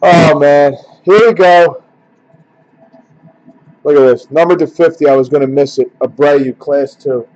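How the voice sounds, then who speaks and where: A man's voice: on the high side, a little slow, pauses often, darkish tone, muffled recording. A man hosting a casual card-opening break, grumbling and joking with his viewers.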